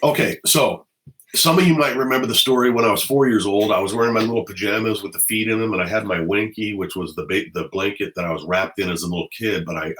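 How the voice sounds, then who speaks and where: A man's voice: deep voice, a bit bright, poor audio. A middle-aged man from the Los Angeles area, a former police officer, telling stories to the camera at home in a blunt, heavily profane way. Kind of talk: casual storytelling to camera. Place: at home indoors.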